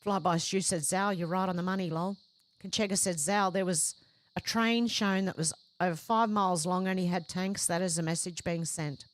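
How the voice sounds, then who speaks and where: A woman's voice: fairly low pitch, fairly even intonation, moderate pace. A woman hosting a livestream, reading out viewers' chat comments one after another and adding short conversational reactions of her own. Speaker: livestream host.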